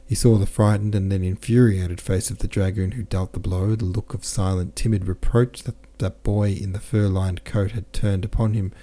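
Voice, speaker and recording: Deep mellow guy reading a classic novel, steady and unhurried, fixes the odd slip. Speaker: audiobook narrator. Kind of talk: scripted narration.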